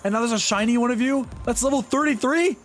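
A young man giving live gameplay commentary, excitable and often yelping and swearing at enemies. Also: very high-pitched, fast, a little hiss or hum. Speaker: streamer.

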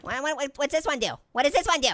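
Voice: high voice, racing, a bit bright. A performer voicing a hyper, giggly cartoon orange who jokes nonstop while commentating a video game. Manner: giggly, goofy, hyper, constantly cracking jokes. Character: hyper talking orange fruit, cartoon prankster, gleeful. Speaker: gaming let's-play host. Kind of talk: excited gameplay commentary.

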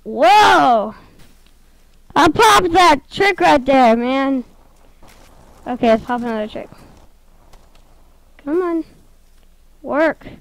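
A high-pitched woman rambling through casual gameplay commentary, excitable and giggly, often talking straight to the game. She speaks at an unhurried pace, and her voice sits close and dry with no room around it. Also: no room sound, poor audio.

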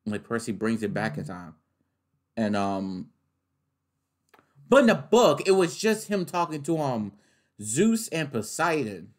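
A young man reacting to a trailer in a casual way, excitable and loud, swearing and laughing often. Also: medium pitch, unhurried, pauses often. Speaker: reaction video host.

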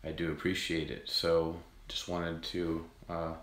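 Man, low-pitched, monotone, rambling with fillers, echoey room. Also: measured pace. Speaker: channel host. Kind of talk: casual outro to viewers.

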